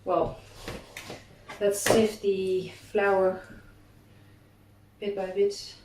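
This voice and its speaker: A woman's voice: mid-range voice, little pitch movement, drawn-out words, noisy background. Rambling woman in an echoey kitchen. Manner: chatty, rambling, self-deprecating asides. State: slightly out of breath. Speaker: cooking vlogger. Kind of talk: casual chat while baking. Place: home kitchen. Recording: echoey kitchen, distant mic, clattering dishes.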